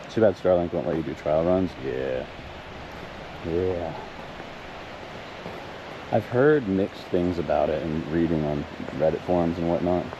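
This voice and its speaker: A man's voice: low-pitched, slow pace, pauses often, lo-fi sound, background noise. A man live-streaming a hike on an outdoor trail, chatting with viewers and thinking aloud in a casual, self-deprecating way. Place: outdoor hiking trail in a wooded valley.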